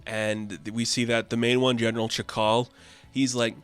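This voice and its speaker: A man's voice: medium pitch, flat delivery, brisk, clean tone, soft background music. Laid-back man reviewing comics. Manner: laid-back, offhand, recaps with slangy asides.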